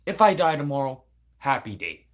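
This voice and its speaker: A man's voice: on the high side, big pitch swings, normal speed. Tearful, angry man in his forties. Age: 40s. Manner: angry, profane, rambling venting. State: crying. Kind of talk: emotional livestream rant.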